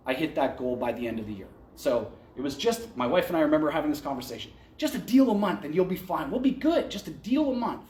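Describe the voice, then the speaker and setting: A man's voice: on the high side, darkish tone. A man speaking candidly to an audience at an event, telling his career story in a conversational way with restarts. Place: event venue, indoors. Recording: echoey event room.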